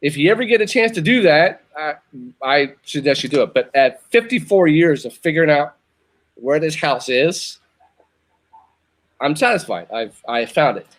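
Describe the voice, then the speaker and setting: A man's voice: fairly high pitch, expressive, normal speed. A man in his fifties from Northern Virginia, telling a long personal story in casual chat, rambling and restarting his sentences. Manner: rambling, repeats himself, restarts. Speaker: show host.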